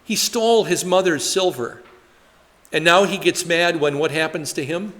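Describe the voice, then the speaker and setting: A man's voice: fairly high pitch, moderate pace, fairly bright tone, in a large hall. Chatty male pastor teaching Bible study. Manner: chatty, rhetorical questions, frequent fillers.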